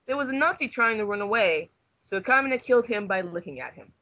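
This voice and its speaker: Bright young man reading deadpan. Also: high-pitched, quick pace, dry recording, muffled recording. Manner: deadpan reading, fighting back laughter. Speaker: reader among friends. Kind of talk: reading fanfiction aloud.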